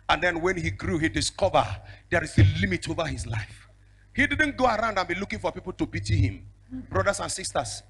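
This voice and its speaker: A male evangelist, preaching a fiery sermon with prophetic declarations. He moves between shouted declarations and a low storytelling voice. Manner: bursts into speaking in tongues.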